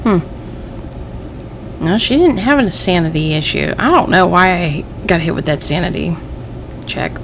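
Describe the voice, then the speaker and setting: A woman's voice: fairly low pitch, expressive, unhurried, long pauses, background noise. A woman hosting a let's play, thinking aloud and reading game text aloud, easily irritated by the game. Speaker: gaming channel host.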